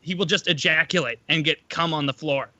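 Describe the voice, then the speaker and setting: A man's voice: a little high, a little fast, dry recording, lo-fi sound. A man co-hosting a podcast, telling a story in casual chat and acting out what others said. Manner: animated storyteller, acts out the voices of others. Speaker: podcast co-host. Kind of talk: casual chat, retelling a radio bit.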